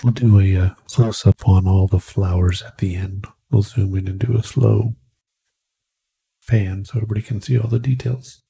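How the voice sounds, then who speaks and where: A man's voice: lowish voice, steady tone, moderate pace, creaky, warm tone, slightly rough. A man running the camera on a live painting stream, tossing in offhand, joking asides. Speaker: camera operator.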